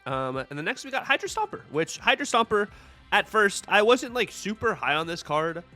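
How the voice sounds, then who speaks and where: A man hosting a casual chat, talking enthusiastically and quickly with casual fillers. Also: high voice, sing-song, sharp tone, faint music behind. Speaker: host.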